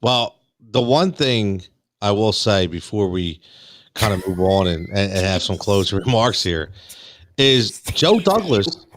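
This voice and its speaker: A man's voice: lowish voice, animated, a little slow, a bit bright, no room sound. A man co-hosting a sports talk show, often stammering and repeating words as he gets going.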